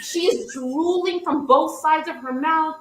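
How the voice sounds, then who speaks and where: A woman's voice: high voice, measured pace, fairly bright tone, echoey room, a little hiss or hum, low-quality recording. A woman coach hosting a livestream, telling a story vividly and laughing often. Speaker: business coach, show host.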